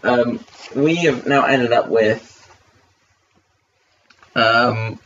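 A man's voice: mid-range voice, drawn-out words. A man co-hosting a casual commentary podcast, rambling with lots of fillers and swearing. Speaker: podcast co-host. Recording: distant lo-fi mic with faint hiss.

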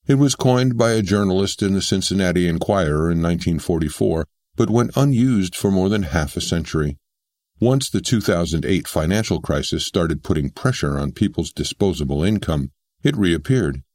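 A man narrating a scripted book summary in a steady, explanatory way, slowing down to stress example words. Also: low voice, dry recording, clean studio sound.

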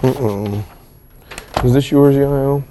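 A man teaching a history class, telling the story with lively asides and acted-out quotes. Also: mid-range voice, takes it slowly, slight background noise, low-quality recording. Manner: animated storytelling with pop-culture asides. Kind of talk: classroom lecture.

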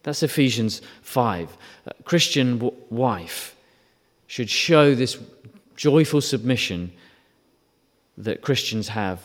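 A man preaching a sermon in a church, his voice sitting at an ordinary middle pitch. He talks in a conversational way, asks his listeners rhetorical questions and briefly acts out short quotes. A long reverb trails every phrase. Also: expressive, takes it slowly.

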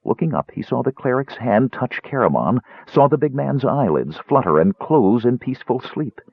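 Man narrating fantasy, tinny and lively. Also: mid-range voice, moderate pace, creaky, breathy edge. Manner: expressive, dramatic reading. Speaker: audiobook narrator. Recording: tinny narrow-band dry recording.

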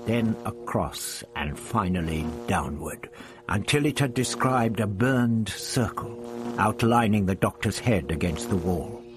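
A man narrating an audiobook in a dramatic, measured storytelling manner. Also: fairly low pitch.

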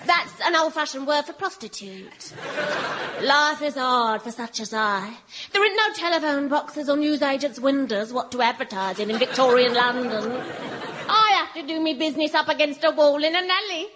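A woman's voice: high-pitched, moderate pace, crowd noise, close to an everyday voice. A woman voicing a cheeky Victorian streetwalker with a bawdy, chirpy manner. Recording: noisy recording.

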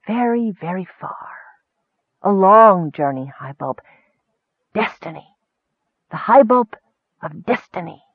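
Slow purring dream whisper, sly and coaxing, a guy doing it, thin phone-ish sound. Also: high voice, expressive, breathy edge, no echo, exaggerated voice. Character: soft, whispering dream voice, seductive. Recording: narrow phone-like dry recording.

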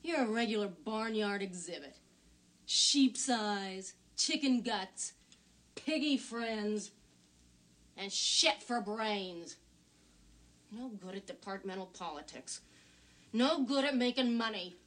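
A woman's voice: mid-range voice, animated, slow pace, pauses often, a bit bright. An actress playing a bitter, scornful middle-aged wife in a film scene, berating her husband. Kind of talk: film dialogue.

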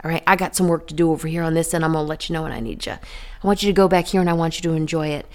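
A woman voicing a gentle male savior. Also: low-pitched, racing, voice pushed down, close to an everyday voice. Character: gentle male savior calling the dead back.

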